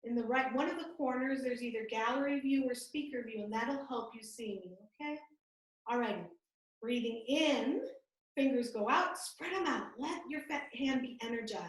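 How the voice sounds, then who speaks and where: A woman guiding a yoga class over a video call, giving gentle, calm and soothing step-by-step cues. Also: on the high side, normal speed, distant mic. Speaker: yoga instructor. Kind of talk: guided yoga class instruction. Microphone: computer mic on a video call. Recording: echoey video call audio from off-mic.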